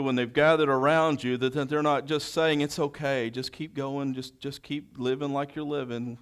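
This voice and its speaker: A man preaching a sermon, reading scripture verse by verse and then expounding, moving between loud proclamation and hushed quiet. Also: medium pitch, steady tone, normal speed, hardly any pauses, clean tone.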